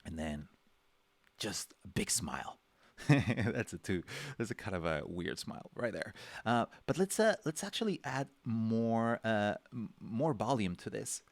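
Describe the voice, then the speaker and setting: The drawing instructor running this livestream lesson has a fairly low, sing-song voice and an unhurried pace, with no echo. Chatty and rambling, he fills in with fillers and restarts and voices little character reactions.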